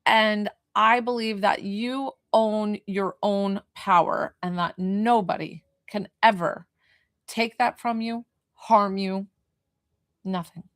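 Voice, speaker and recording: Woman, medium, casual livestream chat, animated, dry close sound. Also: mid-range voice, slow pace, no echo. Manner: chatty, animated, answers viewers' questions. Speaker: medium doing live readings.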